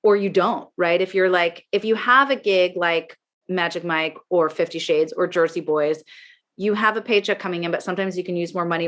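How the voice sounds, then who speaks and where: A middle-aged woman performer chatting as a podcast guest, rambling with plenty of fillers. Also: on the low side. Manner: rambling, lots of fillers, warm praise. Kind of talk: casual chat.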